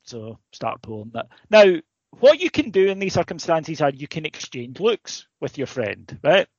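A man's voice: fairly high pitch, sing-song, moderate pace, a little mellow, dry recording, dull audio. A man, co-hosting a podcast and telling a long anecdote in casual chat, swearing freely and checking in with "right?". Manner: swears freely, builds a story with asides and repeated "right?". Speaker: podcast co-host.

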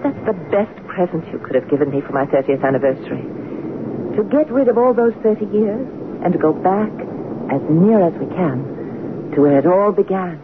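A woman's voice: lowish voice, expressive, normal speed, natural voice. A woman in her fifties playing a spirited, teasing French-born wife of an American general in an old-time radio drama. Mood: playful. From France. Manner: affectionate and playful. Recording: tinny, noisy old radio broadcast.

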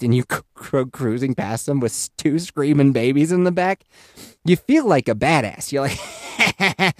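A young man telling a comedic story on a podcast, animated, swearing and laughing at his own story. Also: medium pitch, moderate pace, no room sound, studio quality. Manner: exaggerated voices for quoted people. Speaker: podcast host.

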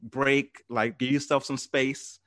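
A man hosting a sports and pop culture podcast in a relaxed, chatty way, laughing often. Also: mid-range voice, slow, no echo, clean studio sound. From Arizona. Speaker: podcast host. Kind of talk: casual sports podcast chat.

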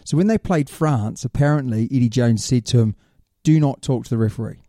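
A man co-hosting a casual rugby podcast, chatty and quick to laugh, often trailing off mid-sentence. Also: mid-range voice, warm tone, no echo, clean studio sound. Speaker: podcast co-host. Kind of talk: casual chat.

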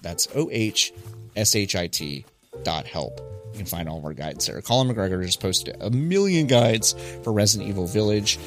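Deep-voiced, lively podcast host. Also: male voice, normal speed, soft background music. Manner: chatty, frequent filler words and restarts, lively emphasis. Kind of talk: casual podcast news chat.

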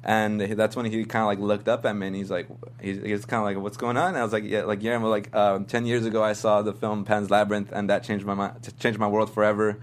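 A man's voice: lowish voice, level tone, fast talker, few pauses. A young man telling a story in casual chat, rambling and earnest with lots of fillers.

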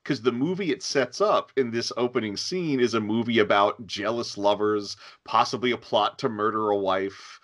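A man joining a casual film discussion in a measured, amused way. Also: on the low side, fairly bright tone.

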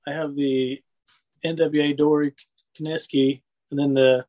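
A man's voice: fairly high pitch, level tone, a little slow, lo-fi sound. A man chatting casually, rambling through wrestling memories and laughing often. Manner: rambling storyteller, laughs often, says "you know what I mean". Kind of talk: casual chat.

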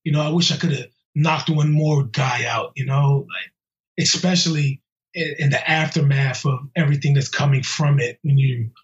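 Man, police officer, casual interview, fairly high voice, blunt, heated, slangy, muffled lo-fi audio. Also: steady tone, normal speed. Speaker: police officer interviewed about a violent attack.

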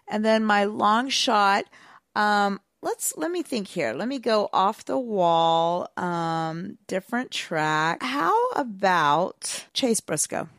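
A woman co-hosting a casual motorsport chat, talkative and quick to laugh. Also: medium pitch, no room sound, clean studio sound. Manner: chatty, laughs easily, wraps up the show. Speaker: motorsport podcast co-host.

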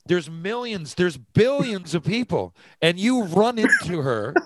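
A man from Newfoundland hosting a casual interview, excitable and quick to jump in with asides. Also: high-pitched, slight background noise. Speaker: podcast host.

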